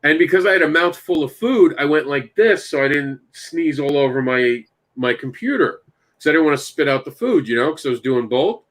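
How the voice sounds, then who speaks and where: A man hosting a casual chat, telling long animated stories and addressing his co-hosts by name. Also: a little high, a little fast. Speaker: podcast host and comic creator.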